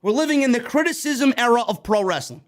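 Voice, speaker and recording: Heated, swearing wrestling-news host, high voice. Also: male voice, quick pace. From New York. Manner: animated, heated, heavy swearing. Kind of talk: profane ranting commentary.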